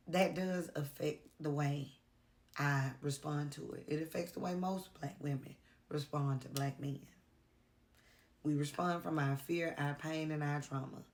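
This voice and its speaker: A woman vlogger speaking earnestly to her camera in a heartfelt, confessional way, pausing often. She sounds tired and worn out. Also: sits low. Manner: earnest, confessional, with pauses and fillers. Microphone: camera mic.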